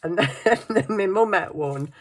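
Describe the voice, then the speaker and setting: A woman's voice: mid-range voice, lively intonation, normal speed. A middle-aged woman, telling stories in casual chat and laughing often. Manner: chatty storytelling, laughing often. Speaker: craft vlogger.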